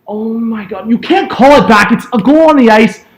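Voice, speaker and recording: A young man calling a hockey game as an excitable fan streamer, yelling at big plays and chatting with viewers. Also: extremely high pitch, normal speed. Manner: yells and laughs at big plays, chats with viewers. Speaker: fan streamer doing live play-by-play. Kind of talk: excitable fan play-by-play commentary.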